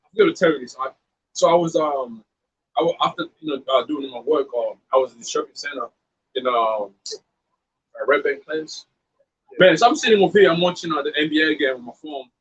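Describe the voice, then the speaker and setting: A man with a high, husky voice talks like a street preacher, blunt and profane. He mixes scripture with fired-up storytelling in a loose, casual way. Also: expressive, a little fast, dull audio.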